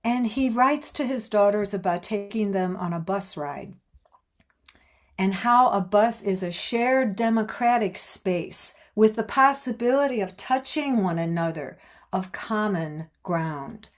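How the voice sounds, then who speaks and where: A woman speaking slowly and reflectively at a middle pitch, as she opens an online gathering and reads aloud. She often pauses and restarts her phrases, and her voice comes through a video call. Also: expressive. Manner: slow, thoughtful, halting with restarts. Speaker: opening speaker. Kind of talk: reflective reading and introduction.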